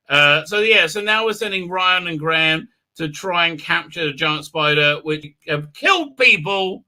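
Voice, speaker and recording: A man rambles through a live-stream commentary, full of fillers and sarcastic asides. His voice sits a bit high and sounds very bright and sharp. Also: measured pace. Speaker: host.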